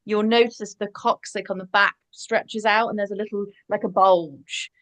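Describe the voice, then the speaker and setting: A woman's voice: medium pitch, steady tone, normal speed, fairly bright tone. A woman who works as a midwife, talking enthusiastically and emphatically in a casual group discussion.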